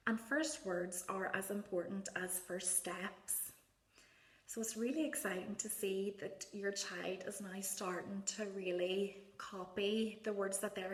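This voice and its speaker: A woman speech therapist gives parents gentle, encouraging advice and models words in a soft sing-song voice. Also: medium pitch. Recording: echoey room.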